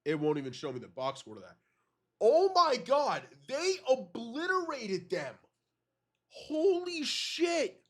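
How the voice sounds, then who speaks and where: A man with a cold, reacting to simulated game results in an excitable, disbelieving way and swearing often. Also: sits high, moderate pace. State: has a cold. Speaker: gaming video creator.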